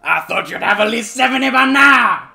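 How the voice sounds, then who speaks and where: A man voicing an incredulous, mocking male stream viewer who shouts in disbelief with a wobbly, shifting put-on accent. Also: extremely high pitch, lively intonation, moderate pace, vocal fry, echoey room, voice pushed up, heavily acted.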